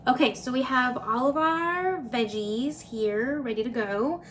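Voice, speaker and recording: A woman's voice: high voice, unhurried, noisy background. A young woman talking casually through a cooking vlog, chatty and upbeat, with lots of fillers. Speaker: vlogger.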